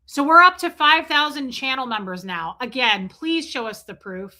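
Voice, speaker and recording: Bright-voiced sarcastic woman streamer. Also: high-pitched, lively intonation, moderate pace. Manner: blunt, sarcastic, reads chat names aloud. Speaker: live stream host. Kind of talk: casual live-stream commentary.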